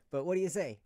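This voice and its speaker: Man, co-host, gravelly, casual stream chat, jokey, restarts sentences. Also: on the high side, dark tone, no room sound, studio quality. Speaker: co-host of a live-streamed talk show.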